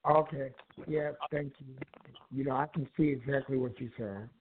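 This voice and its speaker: A man's voice: medium pitch, fairly even intonation, normal speed, a little hiss or hum. A man calling in to a talk show, chatting casually in a laid-back, slangy way and laughing often. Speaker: caller. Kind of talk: casual call-in chat. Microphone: phone. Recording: gravelly voice over phone line.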